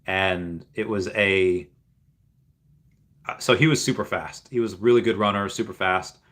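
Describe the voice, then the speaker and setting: A man hosting a casual livestream, reading out messages from chat. His voice sits fairly low but has a bright, forceful edge. He rambles a lot, with plenty of fillers and false starts. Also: steady tone, moderate pace. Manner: rambling, full of fillers and restarts; reads viewer messages aloud and replies. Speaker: streamer answering live chat.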